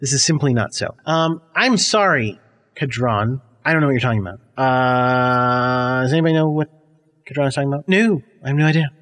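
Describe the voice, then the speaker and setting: A man's voice: medium pitch, fairly bright tone, big-room sound. A man hosting an improvised comedy podcast in the role of a college dean, blustering and flustered. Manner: blustering, flustered, quick back-and-forth.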